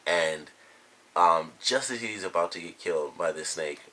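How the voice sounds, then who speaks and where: Man, low voice, husky, casual episode review, rambling retelling, lots of fillers. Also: moderate pace, sharp tone.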